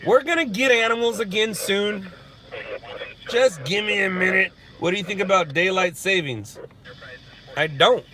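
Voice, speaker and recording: Bright-voiced laid-back man chatting live. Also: high-pitched, moderate pace, pauses often. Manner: laid-back, joking, answering chat questions. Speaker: live-stream host. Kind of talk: casual live-stream chat reading viewer comments. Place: parked in a parking lot at sunset.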